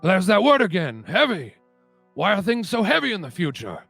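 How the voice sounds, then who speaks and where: Guy doing a frazzled wild-eyed inventor, kinda raspy and high. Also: normal speed, no echo, faint music behind, full character voice. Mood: excited. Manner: excitable, earnest. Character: excitable eccentric older male scientist.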